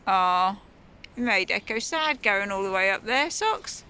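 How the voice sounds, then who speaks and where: A woman's voice: medium pitch, animated, measured pace, pushed and bright, slight background noise. Woman cooing sing-song at her cat. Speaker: mother filming her cat. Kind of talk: casual vlog talk to a pet. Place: outdoor garden in the cold. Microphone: phone camera held by her.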